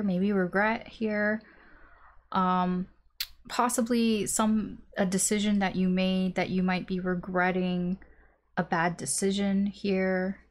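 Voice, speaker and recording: A woman giving a casual tarot reading in a candid, chatty way, laughing often and swearing now and then. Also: medium pitch. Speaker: tarot reader.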